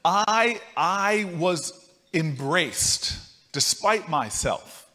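A man giving a speech to a live conference audience, telling a story with animated swings between loud and soft. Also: high voice, very slow. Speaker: speaker at a conference. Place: large conference hall. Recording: reverberant hall.

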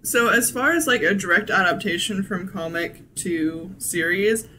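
A woman co-hosting a podcast in casual chat, easygoing and quick to laugh. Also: mid-range voice, sharp tone, a little hiss or hum. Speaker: podcast co-host.

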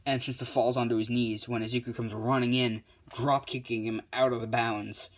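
A man casually retelling a fan story, halting with many fillers and self-corrections. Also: medium pitch, little pitch movement.

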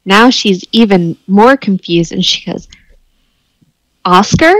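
A woman playing a tabletop role-playing game, describing and speaking as her character in a halting, easygoing way. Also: medium pitch, dry recording, low-quality recording. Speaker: player.

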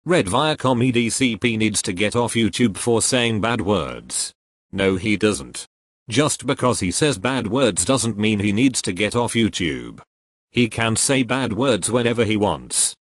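A synthetic man's voice with a British accent, flatly reading out joke error messages and answering them. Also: lowish voice, a little slow, no echo. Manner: flat, even synthetic delivery that bursts into loud shouting. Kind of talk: comedic text-to-speech reading.

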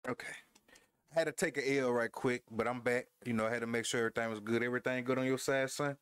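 A man's voice: mid-range voice, fairly even intonation, quick pace, fairly bright tone, clear, resonant tone, no echo, studio quality. A man casually commenting on his wrestling game as he plays, trash-talking his opponent, laughing and talking to his viewers. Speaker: gamer. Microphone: headphones headset.

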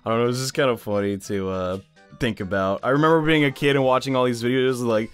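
A young man hosting casual gaming commentary, excitable and chatty, with frequent exclamations. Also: medium pitch, fast, soft background music. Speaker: YouTube gaming host.

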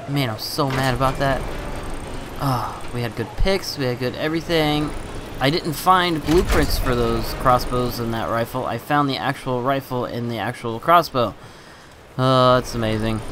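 A man talks through his game in a loose, chatty way, sighing over his losses and laughing them off. His voice sits in an ordinary middle range. Game sounds and steady noise run underneath him. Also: mid-range voice. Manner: chatty, exasperated, laughs at own bad luck. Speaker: gaming channel host. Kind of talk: casual gameplay commentary.

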